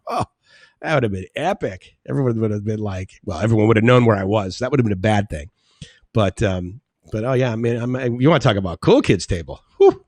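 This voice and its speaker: A man's voice: fairly low pitch, no echo, clean studio sound. A man hosting a casual live stream, chatting in a rambling way and laughing often as he reads out chat comments.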